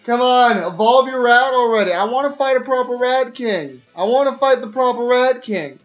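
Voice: medium pitch, moderate pace, few pauses, dull audio. A VTuber streamer giving casual gameplay commentary, playfully mocking opponents, with faint game music behind.

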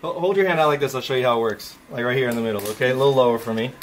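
Calm quick-talking man coaxing someone. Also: mid-range voice, slight background noise. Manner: calm, patient, coaxing instructions. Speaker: guest showing a gadget. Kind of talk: casual demonstration.

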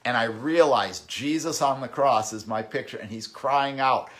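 Man preaching an emphatic sermon. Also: mid-range voice. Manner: emphatic, swings between loud bursts and quiet stretches, repeats words as he thinks; reads scripture aloud slowly and deliberately. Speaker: pastor.

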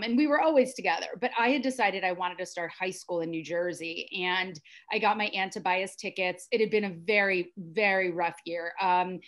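A middle-aged American woman telling her personal story as a podcast guest, earnest and intense. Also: medium pitch. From United States. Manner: earnest and intense, with frequent restarts.

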